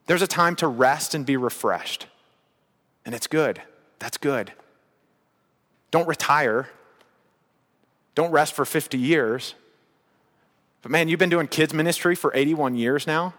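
A man's voice: fairly high pitch, a little slow, pauses often, a bit bright, in a large hall. A man preaching a sermon in a casual, conversational way, with bursts of emphasis. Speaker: pastor.

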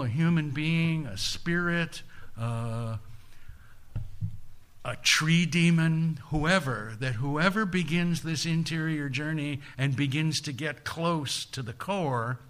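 A man giving a humorous storytelling lecture, playful and deliberate with folksy asides. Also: a little high, a bit bright.

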